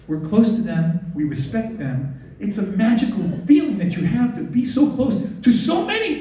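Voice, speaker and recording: An excitable man with a high voice gives a lively presentation, bouncing between thoughts and interrupting himself. He sounds far from the mic, and his voice rings around a big echoey hall. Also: moderate pace. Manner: excitable, animated, self-interrupting. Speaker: wildlife photographer giving a slide talk. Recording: distant echoey hall recording.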